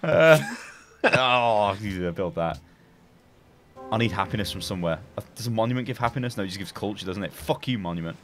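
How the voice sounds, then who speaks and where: Brief: lad, gaming banter, mock-grand bragging, very animated pitch. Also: male voice, a little fast, soft background music. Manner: boisterous, sweary, giggly mock-pompous bragging. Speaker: gamer playing with a friend.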